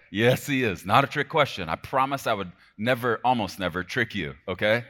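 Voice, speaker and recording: A deep-voiced man preaching with real fervor. His delivery surges to loud, ringing emphasis, then drops to a hushed, intimate tone, and he keeps checking in with his listeners. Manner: fervent, swings between shouting and hushed emphasis; talks to the congregation directly with frequent "okay?". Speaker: pastor. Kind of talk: sermon.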